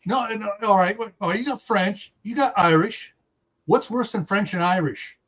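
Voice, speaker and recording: Chatty middle-aged male host with a high voice, laughs easily, reads out viewer comments. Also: moderate pace, a bit bright. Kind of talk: casual livestream chat.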